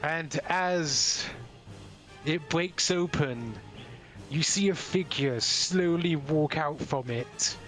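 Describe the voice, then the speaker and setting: A man's voice: on the high side, slow pace, a bit bright. A man narrating as the game master of an online tabletop role-playing game, with faint music behind.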